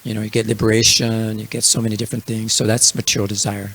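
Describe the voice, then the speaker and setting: A man's voice: lowish voice, flat delivery, fast talker, fairly bright tone, husky. A man teaching a scripture class in a casual storytelling manner, with many fillers. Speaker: religious class speaker.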